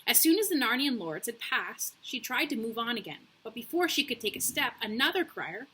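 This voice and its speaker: A young adult woman reading a chapter book aloud in a relaxed, casual way, with slips and self-corrections. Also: fairly high pitch, a little fast, husky. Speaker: reader. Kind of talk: casual read-aloud for children.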